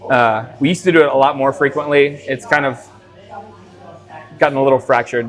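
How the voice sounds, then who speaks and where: A man with an American Midwest accent talks as the owner and head brewer of a small brewery. He tells stories casually and unscripted, his sentences halting and full of fillers and restarts. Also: mid-range voice, fairly even intonation, fairly bright tone, soft background music. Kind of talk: casual conversational storytelling.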